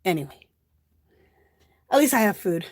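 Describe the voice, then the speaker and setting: A woman's voice: mid-range voice, sing-song, normal speed, no echo. A middle-aged woman chatting casually on a home craft livestream, greeting viewers by name and a bit out of breath. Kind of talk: casual live-stream chat while crafting.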